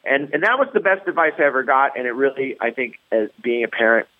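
A man's voice: medium pitch, expressive, fast talker. A man, a comedian and guest, telling stories in a casual interview with many restarts. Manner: rambling storyteller with many restarts. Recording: tinny phone-line sound.

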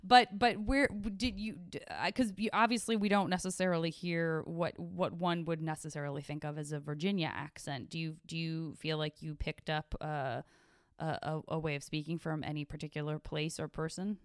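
A woman's voice: low voice, fairly even intonation, normal speed, dry recording, studio quality. A woman from Arizona hosting a podcast interview, rambling playfully with many restarts and self-corrections. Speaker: podcast host. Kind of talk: casual interview chat.

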